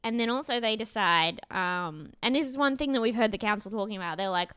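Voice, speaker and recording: A woman's voice: mid-range voice, expressive, brisk, hardly any pauses, a bit bright, clean tone, no room sound, clean studio sound. A woman co-hosting a casual show recap, gushing and laughing often. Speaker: podcast co-host.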